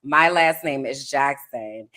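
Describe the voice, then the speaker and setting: A woman co-hosting a casual podcast, talking in an animated, playful way and stretching words for emphasis. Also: extremely low pitch, slow pace. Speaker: podcast co-host.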